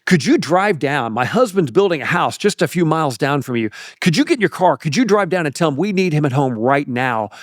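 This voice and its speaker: Frantic mom pleading for help, guy putting on her voice, bit higher. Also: expressive, brisk, few pauses, no room sound, studio quality, lightly acted. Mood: urgent. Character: panicked rural mother, woman, urgent.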